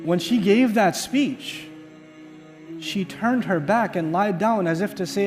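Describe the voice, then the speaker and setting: A man giving an Islamic lecture, telling a story with dramatic pauses and asking the audience rhetorical questions that he then answers himself. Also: sits high. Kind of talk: religious lecture. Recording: hall reverb with faint music.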